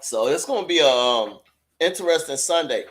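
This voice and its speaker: A man's voice: on the high side, expressive, normal speed, fairly bright tone. A man hosting a sports talk live stream, chatting casually and loosely with viewers and reading their chat messages aloud.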